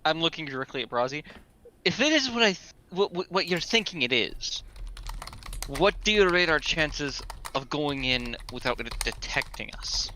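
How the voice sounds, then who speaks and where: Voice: mid-range voice, expressive, moderate pace, bright, forceful tone, slight background noise, rough recording. A tabletop game player, direct and joking, asking rules questions and speaking in character. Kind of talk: casual in-character play.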